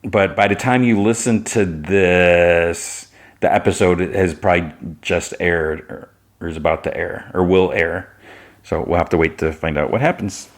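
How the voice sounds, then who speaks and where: A man's voice: low voice, steady tone, measured pace. A man hosting a podcast, casually retelling an episode with plenty of filler words. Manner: rambling, filler-heavy retelling. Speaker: podcast host.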